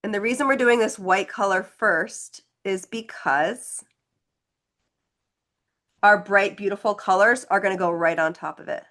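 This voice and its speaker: A woman teaches a live painting class online, her voice sitting at an ordinary middle pitch. She chats easily as she mixes colors and demonstrates, reassuring students as she goes. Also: unhurried, a bit bright. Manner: chatty, encouraging, talks while demonstrating. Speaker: painting instructor.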